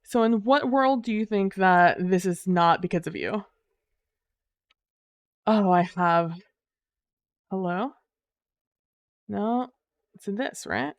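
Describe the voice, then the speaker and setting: Smooth-voiced woman ranting in casual chat. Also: mid-range voice, big pitch swings, no room sound, clean studio sound. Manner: swears freely and talks in quick, heated bursts; frequent fillers like "um" and "like". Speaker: livestreamer. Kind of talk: casual storytelling to a live chat.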